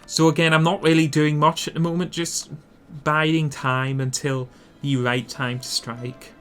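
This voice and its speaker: A man's voice: fairly high pitch, flat delivery, unhurried, fairly bright tone, smooth, faint music behind. A man narrating an instructional strategy game guide, explaining his plans while thinking aloud and correcting himself as he goes. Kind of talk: instructional gameplay commentary.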